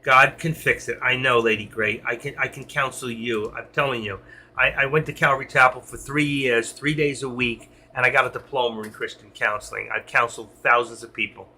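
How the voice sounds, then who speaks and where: A man's voice: medium pitch, fairly even intonation, brisk, sharp tone, a little hiss or hum. A middle-aged man on a live stream, talking to his chat in an emotional, rambling way and answering viewers by name.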